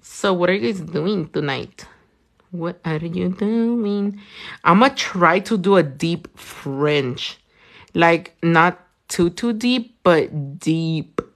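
A woman's voice: fairly low pitch, takes it slowly. A young adult woman from California, chatting casually and swearing freely while she does nails on a livestream and reads out viewer comments. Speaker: nail artist livestreaming a tutorial.

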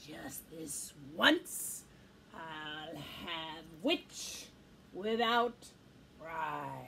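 A woman voicing a mean, hungry male dragon in a storybook reading, with a low, drawn-out gloating voice. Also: expressive, vocal fry, a bit bright, heavily acted.

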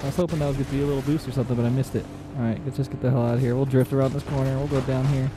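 A man giving excitable, casual commentary on his own gameplay, repeating short phrases and shouting in tense moments. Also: medium pitch, very fast, hardly any pauses, background noise. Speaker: gaming channel host.

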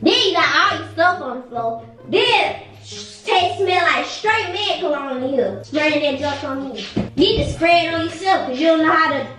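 A woman's voice: high voice, lively intonation, moderate pace, fairly bright tone, recorded from a distance, faint music behind. A young woman in a home bedroom, irritated and scolding, repeating herself as she argues in a prank vlog. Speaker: vlogger. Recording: echoey room, off-mic.

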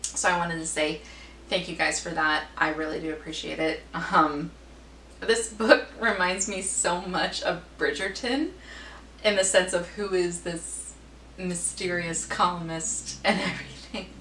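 A woman reviews books in a chatty, enthusiastic way, full of fillers and quick self-corrections. Her voice sits a little low. She sounds distant in a roomy space with a faint hum behind. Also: fairly even intonation, fairly bright tone. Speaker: book reviewer. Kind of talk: casual book review vlog.

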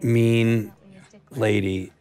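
A man's voice: medium pitch, level tone, extremely slow, a little mellow, faint music behind. A man, the lead actor, joking and laughing through a film commentary. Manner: joking, self-mocking, laughs while talking. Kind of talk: DVD commentary chat.

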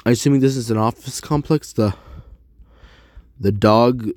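A man rambling to his viewers while he works through a language lesson, haltingly repeating words and correcting himself. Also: mid-range voice, darkish tone, no room sound, clean studio sound. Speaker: vlogger. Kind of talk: rambling commentary while doing a language app.

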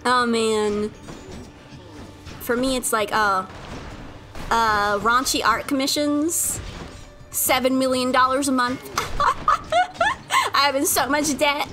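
A woman chatting casually as she streams a game from her room at home, playful and quick to giggle. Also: high voice. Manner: giggly and playful, laughs often. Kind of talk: casual live-stream chat while gaming. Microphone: desk mic at a home streaming setup.

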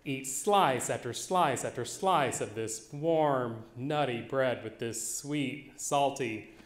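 Slow, wry male storyteller on stage. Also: mid-range voice. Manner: wry, animated, slow-building. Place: theater stage. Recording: echoey live venue.

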